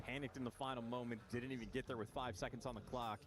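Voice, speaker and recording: A male co-caster with a mid-pitched voice who breaks down each play with steady analysis. He talks over a live match broadcast with clear music underneath. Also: fast. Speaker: esports co-caster.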